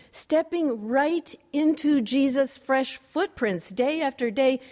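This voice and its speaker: A woman preaching a sermon in a measured, wry and gently humorous way. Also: on the high side, in a large hall.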